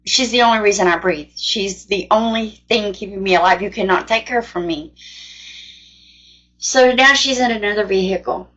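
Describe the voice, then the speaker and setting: A woman's voice: mid-range voice, moderate pace, fairly bright tone. A woman candidly retelling a frightening personal experience in a conversational testimony style. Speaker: faith storyteller. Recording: dull lo-fi sound.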